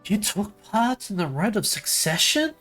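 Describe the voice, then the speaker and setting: A man putting on a hopeful young woman with an eager manner, in a voice pushed well above his own. The pitch rises high and stays bright with enthusiasm. A faint trace of music sits underneath. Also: big pitch swings, a little slow, heavily acted. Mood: surprised. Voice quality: raised falsetto-like pitch.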